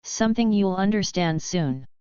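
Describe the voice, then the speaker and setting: A woman voicing a cold, calm alien father in an audiobook, flat and matter-of-fact. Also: mid-range voice, moderate pace, clean tone, no echo, dull audio, lightly acted.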